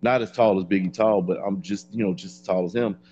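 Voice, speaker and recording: A man's voice: low voice, fairly even intonation, brisk, dark tone, highs cut off. A man in casual podcast chat, blunt and profane, telling his story dryly. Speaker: podcast co-host.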